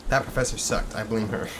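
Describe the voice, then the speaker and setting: A man's voice: on the low side, level tone, a little fast, background noise. A man hosting a gaming channel, giving casual let's-play commentary in a jokey, rambling, self-deprecating way. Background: game music.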